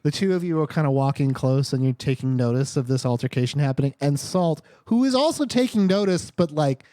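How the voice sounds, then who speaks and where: Male game master, loose filler-heavy narration, slightly high, warm and dark timbre. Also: animated, a little fast, no room sound.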